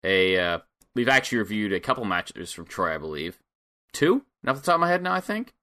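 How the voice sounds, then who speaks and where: A man's voice: fairly low pitch, big pitch swings, brisk, pushed and bright. A man co-hosting a casual podcast, laid-back and wry, recapping with plenty of filler words. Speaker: podcast co-host.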